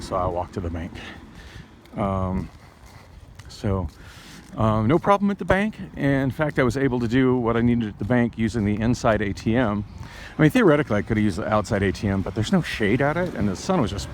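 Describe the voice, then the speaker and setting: Man, lowish voice, rambling vlog walk-and-talk, faint traffic behind. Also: expressive. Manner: rambling, halting, many restarts and fillers. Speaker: vlogger. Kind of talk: casual vlog monologue. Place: outdoors on a city street.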